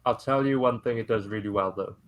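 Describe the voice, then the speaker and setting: A man's voice: on the low side, brisk. A man co-hosting a casual chat show, talking eagerly about the things he loves in an easygoing way. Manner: enthusiastic, self-described toy nerd. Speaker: co-host.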